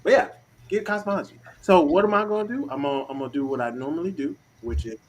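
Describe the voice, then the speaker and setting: A man's voice: on the high side, quick pace. Laughing slangy man hosting a stream. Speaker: host. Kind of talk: casual livestream chat.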